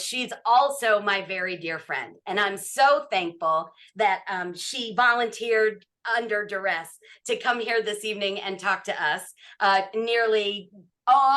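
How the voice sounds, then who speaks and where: A woman's voice: mid-range voice, pushed and bright. A woman hosting an online club meeting over a video call, chatty and affectionate, with plenty of fillers. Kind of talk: warm emcee introduction.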